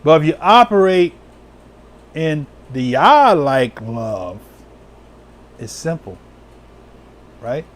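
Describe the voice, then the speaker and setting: Animated, slow-talking male preacher. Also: on the high side. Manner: slow, drawn-out scripture reading with sudden whoops and laughs; casual, talks to viewers live. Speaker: elder preaching. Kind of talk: sermon reading scripture.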